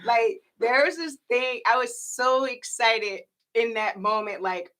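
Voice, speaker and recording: A woman in her thirties co-hosting a podcast, telling a story in casual chat, animated and laughing often. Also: fairly high pitch, slow pace. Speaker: podcast co-host.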